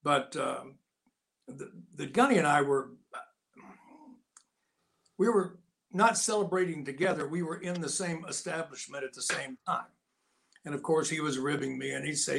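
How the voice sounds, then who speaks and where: An older man, a guest, telling lively personal stories in casual talk and acting out the voices of people in them. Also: a little high, moderate pace, gravelly. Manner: lively anecdotal, acts out quotes. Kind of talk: casual storytelling.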